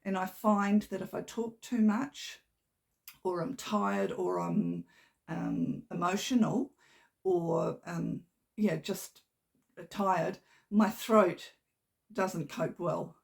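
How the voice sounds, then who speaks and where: Slow-paced yet animated, this woman from New Zealand has a gravelly, medium-pitched voice that wavers slightly. She hosts a knitting podcast from home in a chatty, rambling way, filmed by a tripod-mounted camera in a room of her house.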